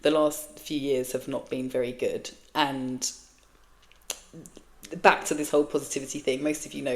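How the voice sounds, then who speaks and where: A woman's voice: a bass voice, steady tone, a little fast. A woman in her forties talking alone on her podcast, frank and rambling, swearing freely and often restarting or trailing off mid-thought. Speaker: podcast host. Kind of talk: candid solo podcast monologue.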